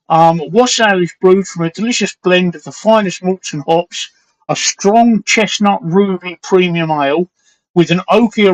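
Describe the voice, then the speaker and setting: A man hosting a live stream in casual chat, rambling and hesitant, reading aloud with many pauses. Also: high-pitched, rough recording. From London.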